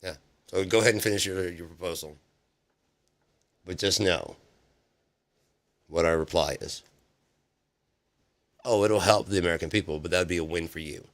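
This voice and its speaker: A man's voice: low-pitched, normal speed, long pauses. A man hosting a livestream, ranting about politics in a profane, sarcastic way with many restarts. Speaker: livestream host. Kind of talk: casual political rant on a livestream.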